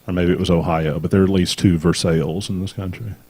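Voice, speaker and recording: A man from Mississippi co-hosting a podcast, telling stories in a halting way with many ums. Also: deep voice, steady tone, warm tone, breathy edge, dry recording. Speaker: podcast co-host. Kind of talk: casual chat.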